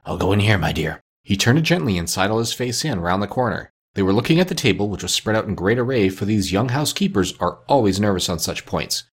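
A man narrating a classic story with a lively, expressive reading. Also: fairly low pitch, fast talker, few pauses, husky.

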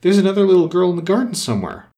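A man voicing a polite, curious young girl in an eager, slightly timid storybook manner, his voice lifted higher. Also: sing-song, racing, warm tone.

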